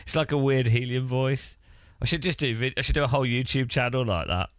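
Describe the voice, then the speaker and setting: A man's voice: mid-range voice, fairly quick, no echo, studio quality. A man chatting casually on a live stream, playful and laughing often.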